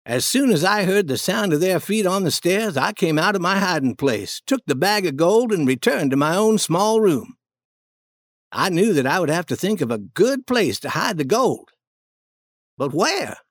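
Male storybook narrator, steady first-person telling, animated pitch, dry booth. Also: no room sound.

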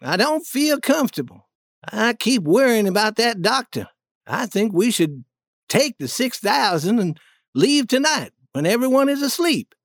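A man's voice: very high-pitched, big pitch swings, measured pace, fairly bright tone, dry recording, studio quality, voice pushed up, heavily acted. A man playing a fretful swindler duke. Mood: worried. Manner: worried, fretful. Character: nervous male swindler, the duke.

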